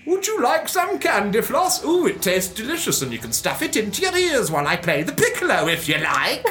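A man voicing a whimsical, eccentric male time traveller in a high, giddy, sing-song voice. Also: huge pitch swings, brisk, pushed and bright, exaggerated voice. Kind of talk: comedic voice acting.

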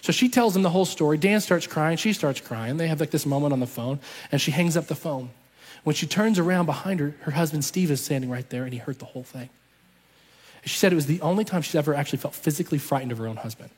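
A man's voice: on the high side, fast talker. A man preaching a sermon, telling a story with passion and driving his points home through repetition. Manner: impassioned storytelling with emphatic repetition. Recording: long reverb of a large hall.

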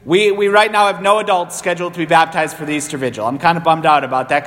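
A man's voice: a little high, fairly even intonation, quick pace, hardly any pauses, a bit bright, big-room sound. A man in his thirties, a priest, giving a conversational sermon with self-deprecating asides. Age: 30s. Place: church.

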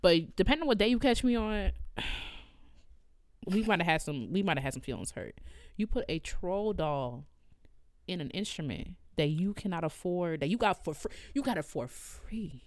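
A woman who co-hosts a podcast and teaches orchestra, telling stories in casual chat with an animated, exasperated delivery. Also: moderate pace, dry recording, clean studio sound. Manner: animated, exasperated storytelling with sudden jumps in pitch.

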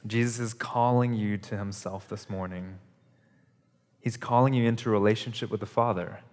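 A male pastor preaches a sermon at a church service in a fairly low, darkish voice, keeping a steady tone and a moderate pace. His delivery is earnest and conversational, and he repeats phrases for emphasis. The recording carries a long hall reverb.

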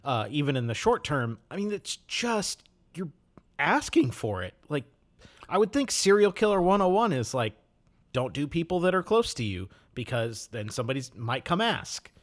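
A man's voice: on the high side, sing-song, normal speed. A man from Wisconsin, a podcast host, reflecting casually on a book with many "you know"s. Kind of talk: casual chat.

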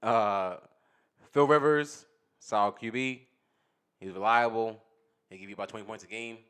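A man co-hosting a sports podcast, talking in a relaxed, casual way. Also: lowish voice, normal speed, clean tone. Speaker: podcast co-host.

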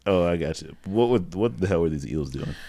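A man's voice: deep voice, lively intonation, brisk, creaky, very noisy. A man co-hosting a casual movie recap podcast, with a dry, playful manner. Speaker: podcast co-host.

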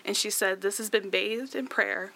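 A woman's voice: mid-range voice, normal speed, gravelly, fairly bright tone. A young woman chatting through a personal story, with many fillers and laughs, tearful at times. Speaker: guest sharing her story.

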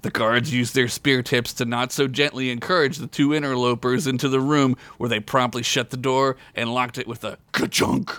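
A man tells a raunchy comic story in an easy podcast narration, dropping jokey asides between the lines. His voice sits at an ordinary middle pitch. The recording is dry and close, with no room echo. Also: little pitch movement, normal speed, hardly any pauses, a bit bright.

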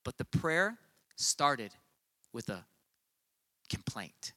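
A man's voice: medium pitch, sing-song, drawn-out words, pushed and bright. A man preaching a sermon, reading scripture aloud and commenting on it.

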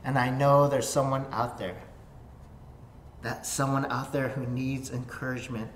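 A male pastor delivers a sermon in an echoing room with faint noise behind him. His voice sits at a middling pitch. He shifts from loud, animated stretches to hushed, almost whispered ones. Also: measured pace. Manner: animated, swings from loud emphasis to soft near-whispers. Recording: roomy echo.

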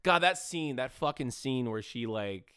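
A man co-hosting a casual movie review podcast, rambling and animated, full of fillers and the odd swear. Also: mid-range voice, unhurried, smooth, no room sound, clean studio sound. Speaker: podcast co-host.

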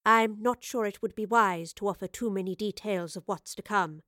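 A woman reading a storybook voices a clever woman professor with a careful, measured manner. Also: mid-range voice, fairly bright tone, no room sound, studio quality, lightly acted. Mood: cautious.

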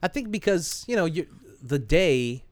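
A man co-hosting a casual podcast, telling stories loosely, swearing freely and jumping way up in pitch when he acts out quotes. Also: big pitch swings, a little slow, no echo. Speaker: podcast co-host. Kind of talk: casual chat.

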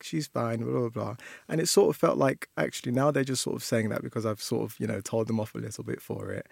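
A man's voice: medium pitch, creaky, darkish tone, no echo, studio quality. A man, a primary school teacher, telling reflective stories with many "you know"s. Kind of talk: casual discussion.

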